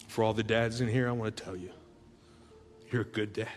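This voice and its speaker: A man preaching a sermon as a pastor, telling tender stories in a soft voice and building to loud, rallying calls to the congregation. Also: fairly low pitch, steady tone, fairly quick. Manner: heartfelt storytelling that swells into loud rallying calls; drops to soft, hushed tones for tender moments. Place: large church auditorium. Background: soft background music.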